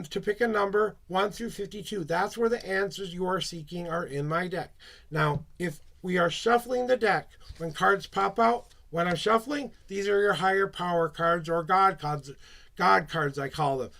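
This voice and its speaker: A man's voice: high voice, vocal fry, fairly bright tone. A man reading tarot on a live stream, chatty, rambling and upbeat as he talks to his viewers.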